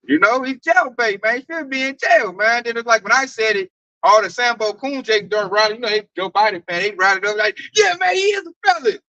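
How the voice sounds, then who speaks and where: A man in a casual group discussion, animated and slangy, often tagging his sentences with "man". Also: high-pitched, brisk, no room sound, muffled recording. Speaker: camp group member.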